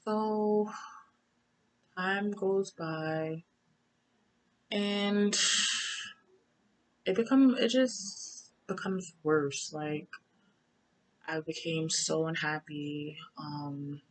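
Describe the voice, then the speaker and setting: With low-pitched, drawn-out words and long pauses, a young survivor recounts her experience conversationally, often repeating herself. The recording is low quality.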